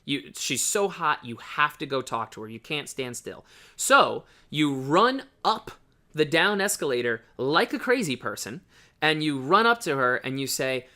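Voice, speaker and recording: Blunt dating coach, bright voice. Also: male voice, fairly high pitch, sing-song, a little slow. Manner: blunt, keeps checking in with "right?". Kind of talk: casual instructional talk.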